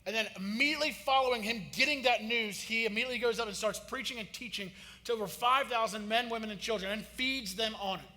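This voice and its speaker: A man, preaching a sermon in a casual, joking style that rises to loud emphasis. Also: very high voice, fast. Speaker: pastor. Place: church sanctuary. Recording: long hall reverb.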